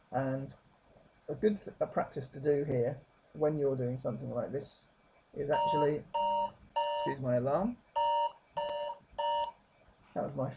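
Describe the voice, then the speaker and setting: A man talking through a software tutorial at his desk, rambling and correcting himself with many fillers. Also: mid-range voice, gravelly, background noise. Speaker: tutorial presenter. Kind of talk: screen-capture software tutorial.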